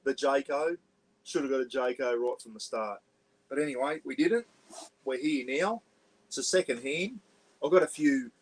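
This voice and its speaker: An Australian man in a parked caravan hosts a casual, rambling livestream chat, saying "bloody" a lot. His voice sits in the mid-range, with a moderate pace and frequent pauses. The audio quality is poor.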